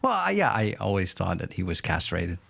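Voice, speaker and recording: A man co-hosting a podcast in casual chat, reacting with quick exclamations and questions. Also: low voice, very animated, vocal fry, a bit bright. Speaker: podcast co-host.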